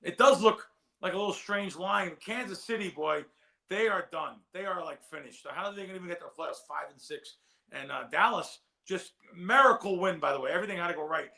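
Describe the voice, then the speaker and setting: A man with a fairly high, gravelly voice talks casually on a sports betting show. He rambles in a heartfelt way and often repeats himself as he goes. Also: brisk, bright, forceful tone. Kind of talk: casual chat.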